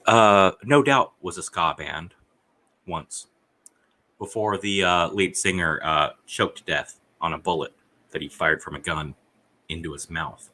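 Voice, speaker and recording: A man chatting as a podcast guest, blunt and crude, swearing a lot with dark humor. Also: low-pitched, measured pace, poor audio. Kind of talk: casual chat.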